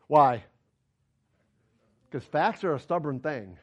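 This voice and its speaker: Male pastor, sermon, emphatic, high pitched, very lively delivery. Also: unhurried, long pauses, lo-fi sound. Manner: emphatic, argumentative, rhetorical questions.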